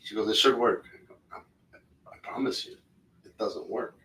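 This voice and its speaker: A man's voice: on the low side, moderate pace, bright, forceful tone, recorded from a distance. A man co-hosting a podcast, telling a story in casual, profane chat and acting out the other people in it. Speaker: podcast co-host. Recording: echoey room, voice a bit off-mic.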